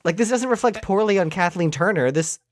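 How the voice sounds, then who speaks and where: Laughing, animated podcast co-host. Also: mid-range voice, brisk, no echo, studio quality. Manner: animated storytelling with frequent laughs. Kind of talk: casual movie chat.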